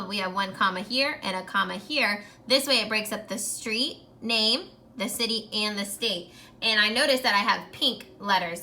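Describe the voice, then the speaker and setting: A woman teacher giving a recorded grammar lesson to young students, clear and encouraging, slowing down while she writes on a whiteboard. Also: a little high, sharp tone.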